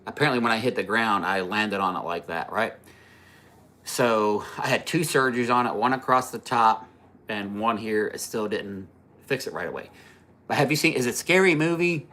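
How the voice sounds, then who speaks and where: A man's voice: lowish voice, normal speed, bright, forceful tone. A man hosting a casual livestream, rambling through a story, laughing at his own jokes and answering viewer comments. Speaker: livestream host.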